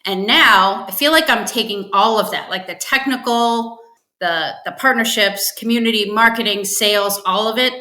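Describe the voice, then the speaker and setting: Woman podcast guest, lively storyteller, bright tone, slightly roomy sound. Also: mid-range voice, normal speed. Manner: chatty storyteller, acts out quotes with laughs. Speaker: podcast guest, finance executive. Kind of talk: casual interview chat.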